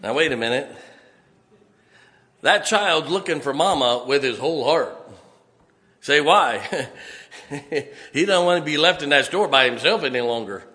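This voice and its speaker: A man preaching a fiery, folksy sermon, building emphatically to loud peaks. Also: fairly high pitch, lively intonation, a little slow, long pauses. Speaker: pastor. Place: church sanctuary.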